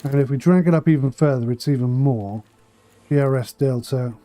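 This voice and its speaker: A man's voice: mid-range voice, moderate pace, dark tone. A man streaming a management game for charity, thinking aloud with dry asides and a slightly tickly throat. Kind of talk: casual charity livestream commentary.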